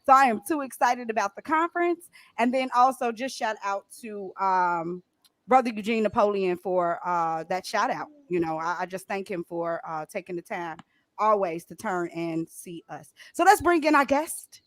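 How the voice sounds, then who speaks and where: A woman co-hosting a radio talk show, chatting casually and excitably and laughing often. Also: medium pitch, moderate pace, no room sound. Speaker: podcast co-host.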